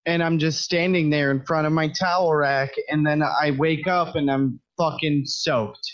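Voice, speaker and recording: A man's voice: a little high, steady tone, normal speed, no room sound, dull audio. A man in his twenties co-hosting a podcast, telling crude stories in casual, profane, exasperated chat. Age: 20s. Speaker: podcast co-host.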